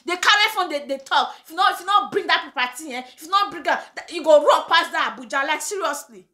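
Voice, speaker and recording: A woman with a Nigerian accent ranting on her own vlog, high-pitched and bright-toned. She talks with indignant passion and drifts between English and Pidgin as she makes her point. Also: expressive, fast talker. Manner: impassioned, indignant, slips into Pidgin. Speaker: vlogger host. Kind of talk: casual opinion vlog rant.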